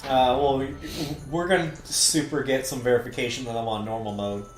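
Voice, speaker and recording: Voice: medium pitch, a little fast, faint music behind. A player chatting casually while playing a video game, wry and playful, often laughing. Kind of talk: casual let's-play chat. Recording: roomy echo.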